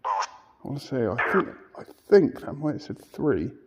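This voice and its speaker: A man investigating alone in an old church, speaking in an earnest, hushed voice and calling out questions to the spirits. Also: medium pitch, very animated, moderate pace, breathy edge. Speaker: paranormal investigator. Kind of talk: solo ghost-hunting vlog. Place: inside an old church at night.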